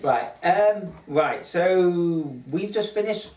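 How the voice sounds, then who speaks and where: East Midlands male co-host, casual rambling talk, mid pitch, sits back from the mic in an echoey room. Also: slow pace, darkish tone, recorded from a distance, slight background noise. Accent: East Midlands English. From England, Nottingham area. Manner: rambling, many restarts and hedges. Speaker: co-host of a reaction show. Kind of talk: casual chat. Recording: roomy sound from off the mic.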